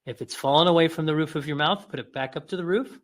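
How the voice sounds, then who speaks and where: Male instructor with a slightly high voice, calm coaching tone, stretches out the demo sounds. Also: fast. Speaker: instructor guiding an exercise. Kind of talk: guided exercise instruction.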